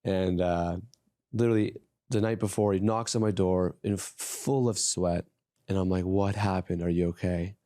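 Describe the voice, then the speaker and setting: A man hosting a podcast, telling a story in a relaxed, hesitant way in casual interview chat. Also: low-pitched, normal speed, no echo, studio quality. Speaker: podcast host.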